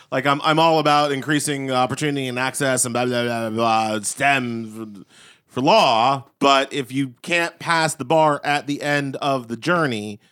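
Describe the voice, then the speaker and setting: A man's voice: medium pitch, fairly even intonation, moderate pace, a bit bright, clean tone. Argumentative male podcast co-host. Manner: argumentative, hedging with "like" and "right?". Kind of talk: casual podcast debate.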